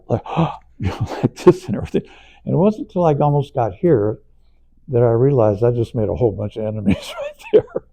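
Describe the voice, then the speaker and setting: An older man being interviewed, rambling through anecdotes with frequent chuckles, his voice gravelly. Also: fairly high pitch, mellow, dull audio. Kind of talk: anecdotal storytelling.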